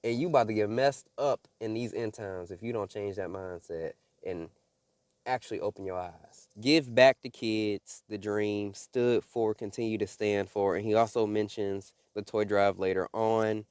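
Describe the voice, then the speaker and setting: A man's voice: lowish voice, normal speed, a little mellow, clean tone, no room sound. A man giving casual spiritual commentary to his viewers, preachy and urgent, often calling them "y'all.". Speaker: religious video creator.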